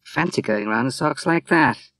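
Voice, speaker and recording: A man's voice: mid-range voice, expressive, normal speed, fairly bright tone, dry recording, studio quality, voice pushed up. A man voicing a bold, outspoken young Australian woman in a storybook reading, with a teasing, blunt manner. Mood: brash.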